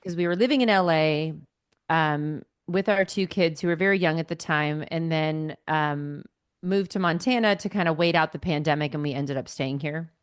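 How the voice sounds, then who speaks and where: A woman in her late forties from Northern California, a podcast guest and actress, telling stories in a chatty, animated way over a computer call. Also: sits low, moderate pace, clear, resonant tone, no room sound, clean studio sound. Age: late 40s. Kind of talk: casual conversation.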